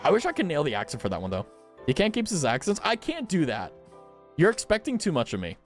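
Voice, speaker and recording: A man's voice: a little high, wildly swooping pitch, fast, soft background music. A man streaming a video game, chatting casually in a playful, giggly way and reading menu items aloud. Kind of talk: casual gameplay commentary.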